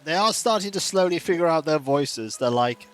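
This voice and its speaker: A man streaming a game and chatting casually in a rambling, animated way. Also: fairly high pitch, moderate pace. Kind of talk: casual chat while gaming.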